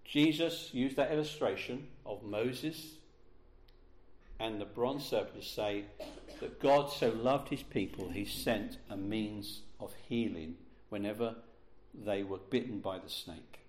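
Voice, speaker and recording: A man's voice: lowish voice, darkish tone. Emphatic male preacher in a roomy hall. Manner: emphatic, slows and stresses key words. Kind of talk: sermon. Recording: roomy echo.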